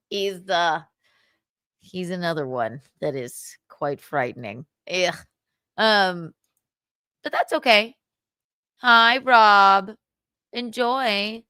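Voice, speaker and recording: A woman's voice: mid-range voice, very slow, pauses often, bright, forceful tone, clear, resonant tone, no room sound. A young adult woman hosting a casual livestream, gossiping, laughing and swearing freely. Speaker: livestream host.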